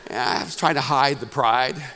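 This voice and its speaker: Middle-aged male pastor, mid-pitched voice, animated storytelling sermon, long hall reverb. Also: normal speed, background noise. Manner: animated storyteller, laughing at his own anecdote. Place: conference hall.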